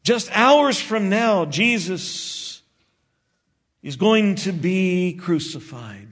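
A man preaching a sermon, expressive and slowing down for emphasis. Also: sits high. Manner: expressive preaching, acts out disciples' voices, slows for emphasis. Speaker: pastor.

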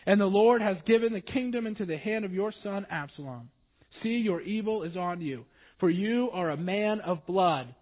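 Man doing a raging old cursing man, loud, high-pitched, tinny phone-like line. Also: expressive, normal speed. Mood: furious. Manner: shouting, accusing. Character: furious old man hurling curses.

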